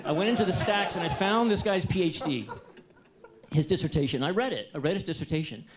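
An American man talks to an audience with a slightly high voice. He tells a personal story in a lively, self-deprecating way. He makes jokes along the way. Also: fairly quick, crowd noise. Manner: lively, self-deprecating and humorous, acts out his own past dialogue. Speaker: entrepreneur giving a talk.

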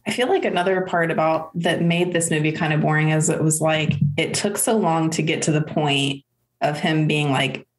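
A woman guest with a low voice. She talks casually on a podcast, dropping quick, wry quips and swearing freely. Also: steady tone. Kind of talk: casual chat.

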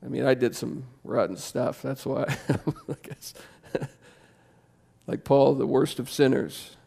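A pastor preaching a sermon in a church, conversational and impassioned, jumping to loud emphasis. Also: male voice, mid-range voice, fairly even intonation, takes it slowly, gravelly, breathy edge. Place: church sanctuary.

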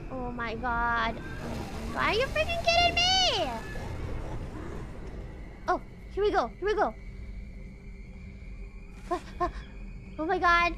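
A woman's voice: high-pitched, noisy background. A woman streaming a game from home, chatting casually and shrieking whenever she gets startled. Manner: excitable, jumpy, shrieks when startled. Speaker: VTuber streamer. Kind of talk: casual gameplay commentary.

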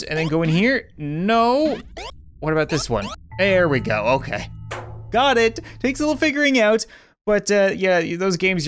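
A woman's voice: low-pitched, slight background noise. A woman gamer giving playful, jokey commentary over a video game, with sudden squeals and giggles and muttering through puzzles half to herself. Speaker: let's play gamer.

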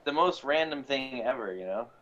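A man's voice: mid-range voice, animated, normal speed, fairly bright tone. A man rambles through an anecdote in easy, casual chat, trailing off with fillers as he goes. The audio is dull and lo-fi, with a faint ambient hum underneath. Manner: rambling storyteller with fillers and laughs. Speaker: player. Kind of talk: casual chat while streaming a game.

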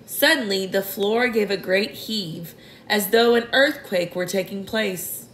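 A woman reading a children's book aloud with expressive storytelling. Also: mid-range voice, unhurried. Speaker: reader.

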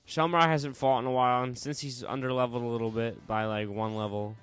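A man's voice: mid-range voice, fairly even intonation, fast talker, a bit bright, clean tone, soft background music. A young man hosting a let's play, chatting casually and joking while he plays. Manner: casual, joking, reads game text aloud. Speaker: host. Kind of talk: gameplay commentary.

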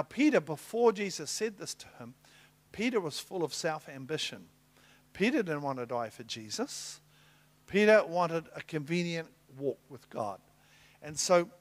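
Middle-aged guy preaching, fairly high voice, acts out the dialogue loud and soft. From New Zealand. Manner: animated storytelling, acting out dialogue with big swings in loudness. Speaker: apostle preaching. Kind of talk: sermon.

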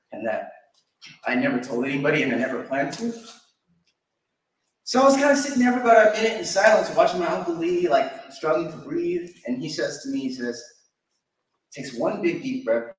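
Young man with a higher voice gives an affectionate eulogy, heard from a distance in a very echoey church. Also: expressive, a little fast. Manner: storytelling, chuckling fondly. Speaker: eulogy speaker. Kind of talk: personal memorial tribute. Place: church sanctuary.

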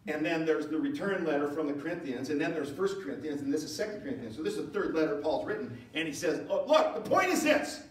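A male pastor preaching a sermon, moving between loud emphatic lines and low, quiet asides. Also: fast, hardly any pauses. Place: church sanctuary. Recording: very echoey hall, voice from far off.

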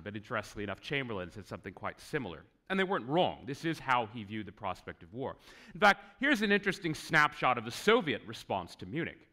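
A man giving a conference lecture on history, conversational and wry, with asides to the audience and swinging emphasis. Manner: lively, swinging pitch for emphasis. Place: conference hall.

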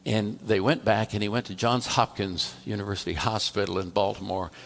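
A man preaching in a relaxed, storytelling way, and his low voice has a gravelly rasp to it. He slips into the dialogue as if chatting with the people in the room. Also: a little fast. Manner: conversational, tells a story through quoted dialogue. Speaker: pastor. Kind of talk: storytelling sermon. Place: church.

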